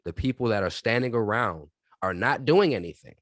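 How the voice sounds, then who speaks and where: A man's voice: mid-range voice, fairly quick, dry recording, clean studio sound. A man co-hosting a podcast, telling stories in a casual, emphatic and profane way. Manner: animated storytelling, emphatic and profane. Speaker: podcast co-host. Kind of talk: casual chat.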